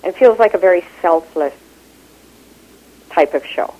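A woman with a Canadian accent talks in an interview, animated and expressive. Her voice sits low. The sound is thin, like a phone line. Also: moderate pace. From Kenya. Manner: animated, expressive, laughs easily. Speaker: actor and improv teacher. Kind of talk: interview conversation.

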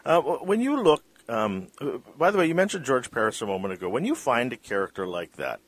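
A man's voice: mid-range voice, sing-song, brisk, husky. A man hosting an interview, asking questions with frequent restarts and repeated words. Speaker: interviewer host. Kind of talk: interview conversation.

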